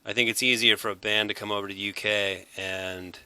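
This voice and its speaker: A man's voice: fairly low pitch, little pitch movement, brisk, pushed and bright, clean tone, no room sound. A middle-aged man, a rock band member, talking in a teasing, laid-back way in an interview. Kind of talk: relaxed backstage interview.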